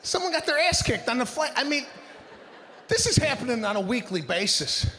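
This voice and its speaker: A man doing stand-up on stage, with a loud, exaggerated, shouting delivery. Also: very high voice, sing-song, a little fast. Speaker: stand-up comedian. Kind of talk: stand-up routine. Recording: echoey hall with background noise.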